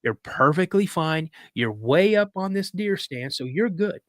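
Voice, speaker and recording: A calm, reassuring father who is also a war veteran, put on by a man telling the story. His voice sits a little high and is recorded dry and close. He speaks steadily and firmly. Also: measured pace, no room sound.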